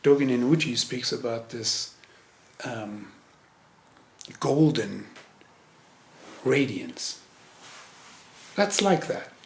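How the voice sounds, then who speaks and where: A male Zen teacher giving a meditation talk, searching for words with frequent restarts and pauses. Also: medium pitch, expressive, vocal fry, roomy sound. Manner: hesitant, searching, many restarts. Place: meditation hall.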